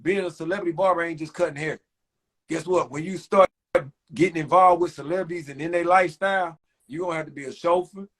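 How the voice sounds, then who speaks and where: A man co-hosting a casual live podcast chat about barbering and family. His voice sits slightly high for a man, and he talks in animated bursts. He often repeats a word a few times before landing the point. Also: quick pace. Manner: animated, repeats words when starting a point. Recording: phone-streamed live chat.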